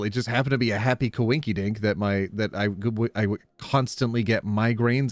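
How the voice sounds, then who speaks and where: A man's voice: mid-range voice, dry recording. A man chatting casually on a livestream, joking and laughing often. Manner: giggly, joking and animated, with playful put-on voices. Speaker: streamer.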